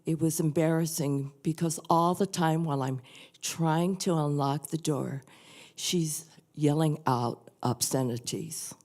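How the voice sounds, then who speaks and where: An older woman reading a prayer and then sharing a personal story at a church service, soft and earnest. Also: deep voice, a little slow. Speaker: guest reader at a church service. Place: church sanctuary.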